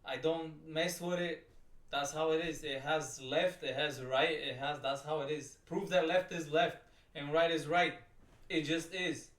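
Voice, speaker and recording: A man's voice: a little high, fairly even intonation, a little slow, fairly bright tone. A man giving profane, exasperated, rambling commentary while reacting to a video. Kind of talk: ranting commentary. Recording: roomy sound, distant from the mic.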